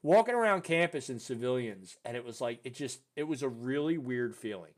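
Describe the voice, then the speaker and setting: A young man hosting a podcast, telling a story in loose casual chat and jumping his voice up high when he quotes people. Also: brisk. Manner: animated, voice jumps high when quoting people; loose, filler-heavy talk with "dude" and "you know". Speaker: podcast host.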